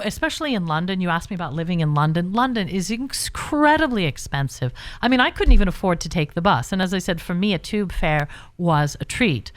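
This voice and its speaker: A woman's voice: fairly low pitch, no room sound. Woman guest on a radio show, rambling and joking about herself, dry close mic. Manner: chatty, self-mocking, many restarts and laughs. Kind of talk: casual radio chat.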